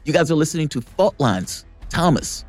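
Male podcast co-host, animated banter, fairly high and lively delivery, faint music underneath. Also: normal speed. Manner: animated, laughs often, slips into impressions. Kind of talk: casual banter on a political podcast.

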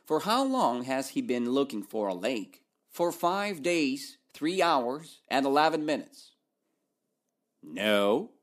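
Slow, animated male story teacher. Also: mid-range voice. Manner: asks questions and answers them himself, playful. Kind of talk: question-and-answer story lesson.

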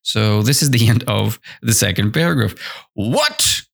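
A man's voice: fairly low pitch, moderate pace, gravelly. A man teaching English on a podcast, explaining a story and asking his listeners questions as he goes. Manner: animated, repetitive, asks listeners questions. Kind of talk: explaining a story in a language lesson.

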